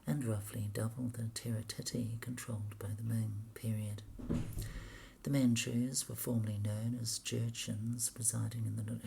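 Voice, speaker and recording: Very deep gravelly woman, whispering and swearing. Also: mellow, a little hiss or hum. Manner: swears constantly, grumbling and exasperated. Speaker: vlogger reading history pages aloud. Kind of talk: muttered reading aloud with running commentary.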